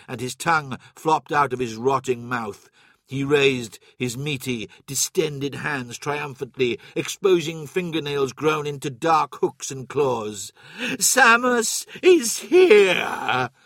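Man reading an audiobook, steady storytelling, husky, dry. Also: medium pitch, dry recording. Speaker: audiobook narrator. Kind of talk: scripted narration.

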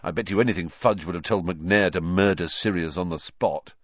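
A man's voice: medium pitch, huge pitch swings, moderate pace, fairly bright tone, no room sound, dull audio, voice pushed up. A man voicing a teenage boy who talks intensely and bitterly, sometimes in a mutter. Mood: tense. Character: teenage boy, tense and fierce.

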